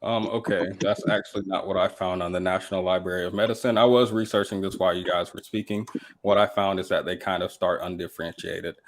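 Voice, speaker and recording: A man with a deep, low voice moderates a live-stream panel discussion. He talks in a measured, courteous way and fills his pauses with hesitant ums while he keeps the conversation moving. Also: steady tone.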